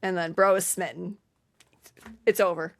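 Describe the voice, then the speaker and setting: A woman's voice: fairly low pitch, fairly even intonation, unhurried, gravelly. A woman co-hosting a casual podcast, retelling movie scenes line by line with frequent laughter. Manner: retells scenes quoting lines, laughs often. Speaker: podcast co-host. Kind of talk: casual movie recap chat.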